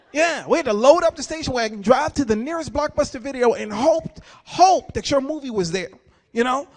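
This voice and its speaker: A stand-up comedian in his forties with a strikingly high voice for a man. He tells his stories with animation, slipping in and out of the characters he describes. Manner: animated storytelling, acting out characters.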